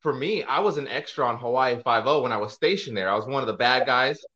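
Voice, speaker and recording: A man's voice: mid-range voice, fast, pushed and bright. Man on a dull lo-fi mic. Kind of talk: casual chat.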